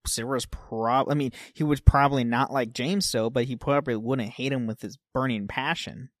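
A podcast co-host in casual chat, talking in an animated way and laughing often, based in the United States. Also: mid-range voice, normal speed, no echo, clean studio sound.

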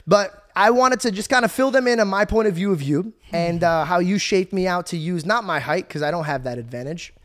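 Excitable young man telling a story. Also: sits high, quick pace, hardly any pauses. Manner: excitable, swears freely, acts out quoted voices. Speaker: podcast host. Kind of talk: casual storytelling chat.

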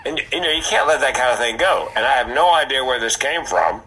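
A man who is a comedian, telling stories in a casual podcast chat with an animated, punchy delivery. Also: medium pitch, brisk, a little hiss or hum, rough recording. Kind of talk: casual storytelling.

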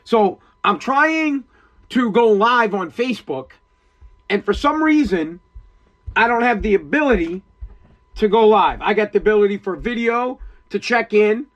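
On his own podcast, an agitated man launches into a furious, swear-filled monologue on responsibility, circling back to the same points as he winds himself up. He sounds high-pitched, animated, and fairly bright while speaking a little slowly, and the audio is muffled.

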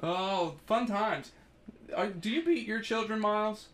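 Man, casual podcast chat, joking, slightly high pitch, bright tone. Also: unhurried. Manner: joking, laughs often.

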